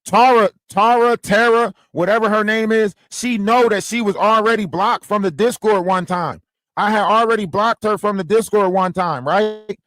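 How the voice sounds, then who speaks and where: A man co-hosting a livestream, talking in a casual, animated and profane way and repeating phrases for emphasis. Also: sits high, normal speed, no echo. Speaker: livestream co-host.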